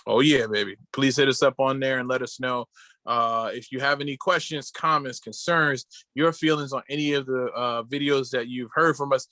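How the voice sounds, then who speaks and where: A man co-hosting a podcast over a video call, casual chat full of crude deadpan jokes. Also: medium pitch, moderate pace, no room sound. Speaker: podcast co-host.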